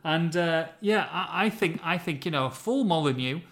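A man hosts a football podcast, his voice sitting a little high for a man. He talks in a chatty, teasing way, ribbing his co-host and hyping things up. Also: animated, moderate pace, a bit bright. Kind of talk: casual football podcast chat.

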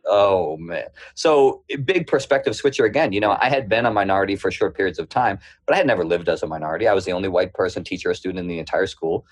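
A man with a thick Boston accent speaks in a low, husky voice as a guest on an interview show. He tells his stories in a lively way and slips into other people's voices along the way. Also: fast talker, hardly any pauses. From Boston area. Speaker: podcast guest. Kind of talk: storytelling interview.

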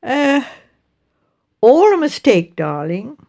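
A woman's voice: high voice, sing-song, slow pace, darkish tone, pitched above the performer's own voice, heavily acted. A woman voicing a chatty, sniffy middle-aged village mother reading aloud from the paper. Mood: gossipy.

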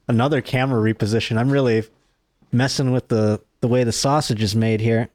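A man's voice: mid-range voice, fairly even intonation, moderate pace, darkish tone. A man in crude casual chat, giggly and rambling, trailing off with fillers.

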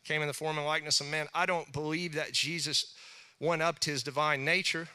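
Bright, smooth-voiced chatty preacher man. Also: on the high side, steady tone, fairly quick. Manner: chatty, rambling, jokey with acted asides. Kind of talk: casual sermon.

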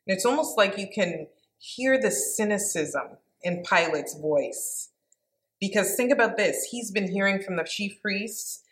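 A woman's voice: medium pitch, lively intonation, unhurried. A woman giving an informal devotional Bible teaching, reading scripture aloud and reflecting on it in an earnest, conversational way.

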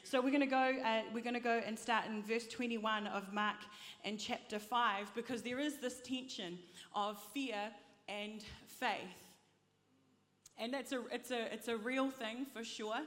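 Lady preacher, high voice, fired up, big echoey hall sound. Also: fairly even intonation, a little slow, fairly bright tone. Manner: impassioned, urges the congregation to repeat after her. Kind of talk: sermon. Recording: long reverb of a large hall.

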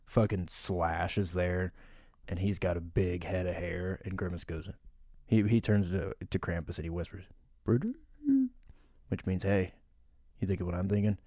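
A young man co-hosting a podcast, improvising a profane comic story in a laid-back, deadpan way. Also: low-pitched, vocal fry, dry recording, studio quality. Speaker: podcast co-host.

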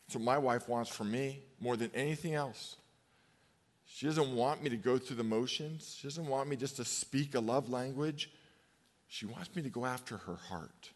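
A man in his fifties preaching a sermon as a pastor, conversational, telling personal stories and slowing down for emphatic pauses. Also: mid-range voice. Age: 50s. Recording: long hall reverb.

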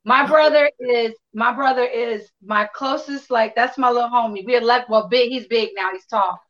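Lively woman telling a story, lo-fi. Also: fairly high pitch, moderate pace. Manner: animated, profane anecdote telling with quoted dialogue. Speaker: interview guest. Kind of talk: casual storytelling.

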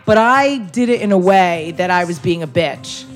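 A young woman hosting a casual chat, telling a story with lively energy and acting out the people in it. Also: on the low side, moderate pace, soft background music. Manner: animated storyteller, acts out customers' lines. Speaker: podcast host, former waitress.

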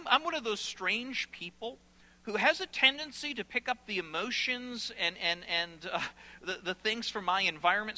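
A man's voice: high voice, sharp tone, poor audio. A middle-aged man, a pastor, preaching a sermon in a church auditorium with earnest, passionate emphasis.

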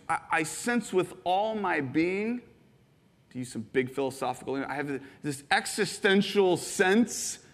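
A man in his thirties with a high voice preaches a sermon fast, telling stories animatedly and using lots of fillers. His voice rings through the church sanctuary with long reverb.

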